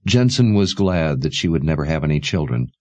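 Deep voiced guy reading a fantasy audiobook, really lively delivery, dry close sound. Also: no echo. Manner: measured, expressive storytelling. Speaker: audiobook narrator. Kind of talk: scripted narration.

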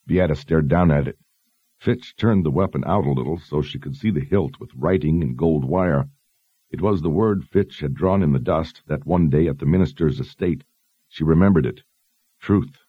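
Reading fantasy for an audiobook, this narrator has a very deep, husky male voice and keeps a steady, measured delivery. The audio is dry and close, slightly dull in tone.

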